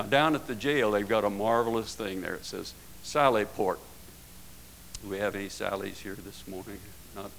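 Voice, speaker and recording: A man's voice: fairly low pitch, gravelly, a bit bright, slight background noise, low-quality recording. A man preaching a sermon in a folksy way, often ending his points with tag questions and rising into emphatic bursts.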